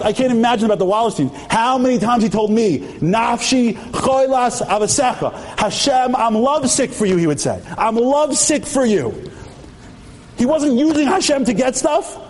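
A man's voice: extremely high pitch, darkish tone. A man giving a storytelling sermon with humor at a memorial tribute, emphatic, asking rhetorical questions and acting out dialogue. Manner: acts out dialogue with quick shifts of voice.

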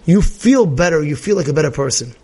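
A man with a notably high voice delivers a Torah class as a sermon. He talks with animation, repeats key phrases and slips into little acted-out voices of worried people. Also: expressive, fairly quick, darkish tone, breathy edge. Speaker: rabbi.

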